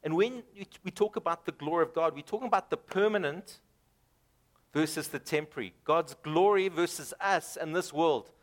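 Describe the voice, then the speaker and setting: A man's voice: on the high side, normal speed. A man preaching a sermon, emphatic, rising and dropping dramatically and repeating words for emphasis. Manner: emphatic, rises and drops dramatically.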